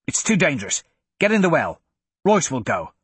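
A man's voice: on the high side, huge pitch swings, normal speed, a bit bright, slightly rough, dry recording, exaggerated voice. A man as an urgent commanding adventurer.

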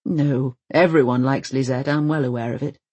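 A mild-mannered, anxious father, as a narrator reads him, hedging each phrase with careful hesitation. The tone is slightly husky and close, with a dry, dead sound. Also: mid-range voice, fairly even intonation, normal speed, darkish tone, dry recording, close to an everyday voice. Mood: hesitant. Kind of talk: audiobook character voice.

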